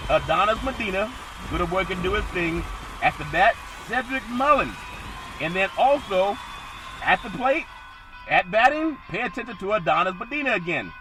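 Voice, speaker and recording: A man hosting a comic sports podcast, doing mock play-by-play that builds to shouted home-run calls, laughing often. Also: sits high, rough recording. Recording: loud outdoor traffic noise behind.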